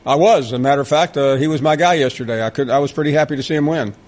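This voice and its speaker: A man hosting a sports call-in radio show, chatting with callers and guests in a wry, easygoing way. His voice sits a little high for a man. He talks into a studio microphone. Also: racing, a little mellow.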